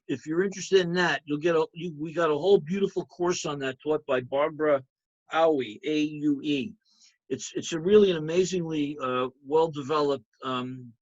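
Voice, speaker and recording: A man's voice: fairly high pitch, highs cut off. A man teaching an accounting review lecture, emphatic, repeating key points and checking in with students. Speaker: accounting instructor.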